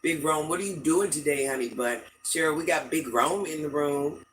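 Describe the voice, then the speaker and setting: A woman's voice: low voice, moderate pace, a little hiss or hum, low-quality recording. An older woman hosting a casual livestream from home, chatting with viewers and greeting them with pet names. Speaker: livestream host.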